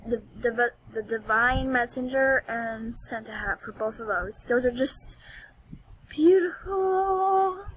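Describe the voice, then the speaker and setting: High-voiced, dramatic gaming woman. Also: steady tone, measured pace, hardly any pauses, a bit bright, husky, low-quality recording. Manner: dramatic, squeals and whines over items. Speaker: gaming vlogger. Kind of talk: excitable gameplay commentary.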